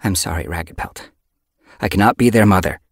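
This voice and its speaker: A man's voice: mid-range voice, lively intonation, normal speed, no echo, studio quality, pitched above the performer's own voice. A man voicing a young female medicine cat, speaking with strained emotion and pleading. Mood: resolute.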